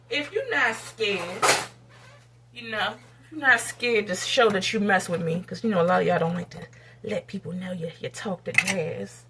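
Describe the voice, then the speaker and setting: A woman from the United States, giving a candid, blunt and profane rant to her camera while cooking. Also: background noise. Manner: blunt, profane and heated, with sudden rises in pitch. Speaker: vlogger.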